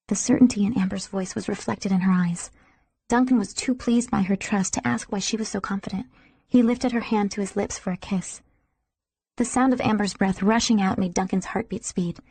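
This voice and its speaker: Woman audiobook narrator, soft and intimate with a mellow, breathy tone and a dry sound. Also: medium pitch, no echo. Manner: soft, intimate, sometimes whispering.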